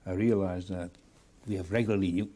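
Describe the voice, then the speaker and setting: An older man who once worked as a retail executive gives a reflective interview in a deep, dark voice with fairly even intonation. He speaks haltingly, repeating words as he looks for what to say, and the recording carries noisy background hiss.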